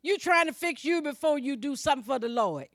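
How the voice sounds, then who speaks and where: A woman's voice: sits high, animated, brisk, fairly bright tone, no echo, studio quality. A woman preacher delivering a sermon, fervent and colloquial, calling out exclamations and speaking straight to her congregation. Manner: fervent, calls out exclamations between points.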